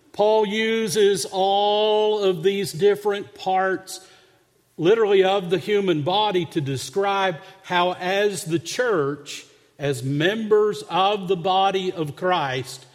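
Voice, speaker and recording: A male pastor preaching a sermon, telling a humorous story with an earnest, conversational manner. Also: fairly high pitch. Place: church sanctuary. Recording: long hall reverb.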